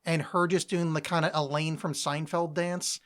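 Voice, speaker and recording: A woman co-hosting a podcast in casual chat, animated and laughing, slipping into quick mock voices. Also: sits low. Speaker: podcast co-host.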